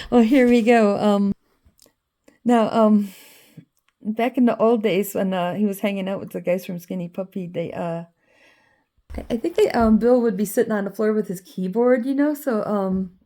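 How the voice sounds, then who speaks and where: Rambling woman with a mellow voice. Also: mid-range voice, steady tone, normal speed, long pauses. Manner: meandering, full of ums and you-knows, laughs often. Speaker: vlogger showing her drawings. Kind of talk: casual rambling monologue.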